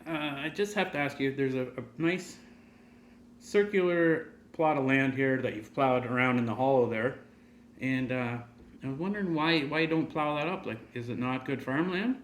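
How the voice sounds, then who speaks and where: A man hosting, telling a long joke in a relaxed way with frequent fillers and throat clearing. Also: mid-range voice, normal speed, slight background noise. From Ontario, Canada. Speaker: host. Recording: echoey room.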